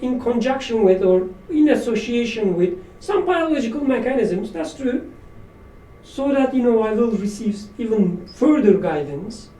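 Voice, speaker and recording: A man's voice: high voice, mellow. A man leading an informal religious study session, reflective and self-deprecating, with light laughs. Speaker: study circle leader. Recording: roomy echo, distant mic, faint room noise.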